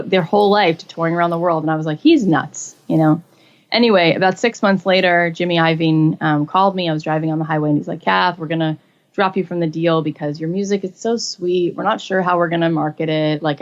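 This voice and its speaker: A woman in her forties telling her own story in a casual interview, acting out quotes with lively jumps in pitch. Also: lo-fi sound. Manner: animated, acts out quotes with rising pitch. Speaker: guest.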